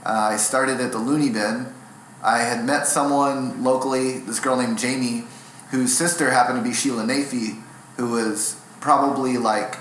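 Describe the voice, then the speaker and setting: A young man, a stand-up comic, talks through long, rambling, self-deprecating stories in a relaxed interview. His voice has a sharp, bright edge, and it rings around an echoey room with a faint hiss behind it. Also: medium pitch. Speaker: stand-up comedian, guest. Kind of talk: casual interview storytelling.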